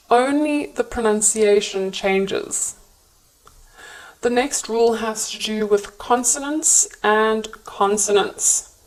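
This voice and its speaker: Slow, measured woman teaching pronunciation. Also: fairly high pitch, rough recording. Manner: clear, measured teaching delivery. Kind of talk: scripted lesson narration.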